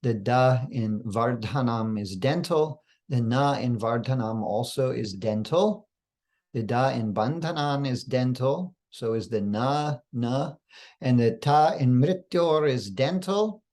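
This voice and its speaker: A man's voice: mid-range voice, darkish tone. Man teaching careful pronunciation. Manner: slow, careful, deliberate explanation; occasional throat clearing and fillers. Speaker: spiritual teacher. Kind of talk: instructional talk with chanting.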